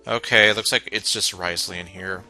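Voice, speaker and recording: A man's voice: low voice, fairly even intonation, brisk, pushed and bright, soft background music. A man streaming a video game, making casual, sardonic joking asides. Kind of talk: casual live-stream commentary.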